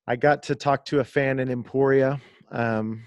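Male podcast guest, lively storyteller, mid pitch, dry close mic. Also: normal speed, no echo. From Kansas, USA. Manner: animated storyteller, laughs often. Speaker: guest, disc golf video creator. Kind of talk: casual podcast chat, storytelling.

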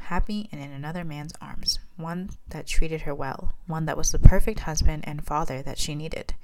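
A woman reading her own fan fiction aloud in a steady, plain way. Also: sits low, rough recording. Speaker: reader.

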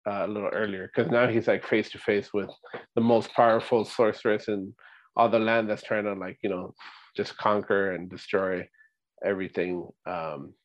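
A man co-hosting a casual movie rewatch podcast, walking through scenes one by one and often checking in with a quick "right?". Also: on the low side, lo-fi sound. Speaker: podcast co-host.

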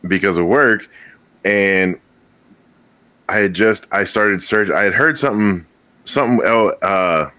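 Low, bright-voiced man telling stories. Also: unhurried, pauses often, dry recording. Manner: rambling, swearing, laughs often. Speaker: podcast guest. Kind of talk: casual storytelling chat.

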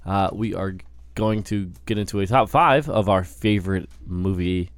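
A man's voice: deep voice, moderate pace, clean tone, dry recording. A man hosting a casual movie podcast, rambling and breaking off mid-sentence as he laughs with friends. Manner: rambling, self-interrupting, laughing. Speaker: podcast host.

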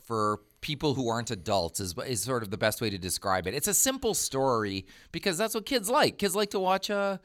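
A man's voice: medium pitch, very animated, a little fast, few pauses, fairly bright tone. A middle-aged man co-hosting a podcast, musing and joking casually with loose restarts. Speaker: podcast co-host. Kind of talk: casual chat.

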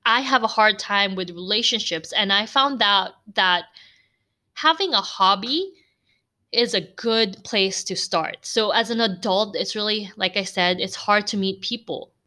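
A woman's voice: medium pitch, unhurried, bright, forceful tone. A woman from the Philippines with a Filipino accent, talking candidly on her own podcast with frequent fillers and light laughs. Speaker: podcast host. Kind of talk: casual solo podcast talk.

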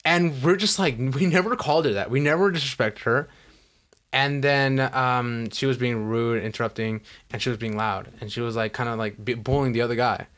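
A young man telling stories in casual chat, animated and swearing a lot, acting out what people said. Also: mid-range voice, brisk. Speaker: podcast co-host.

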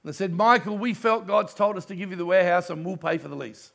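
Aussie pastor guy, middle-aged, gravelly higher voice, preaching in church, gets quiet then loud. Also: fast talker. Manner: impassioned storytelling preacher, swings from hushed to loud. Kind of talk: sermon.

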